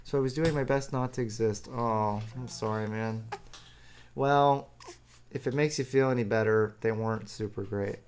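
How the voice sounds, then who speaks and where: A man's voice: medium pitch, fairly even intonation, moderate pace, darkish tone, clean tone. A man streaming live, answering viewer chat in a rambling, self-deprecating way and chuckling often.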